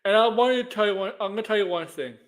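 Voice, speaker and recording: A man's voice: high-pitched, fast. A middle-aged man co-hosting a movie news show in casual chat, rambling and repeating himself with many restarts.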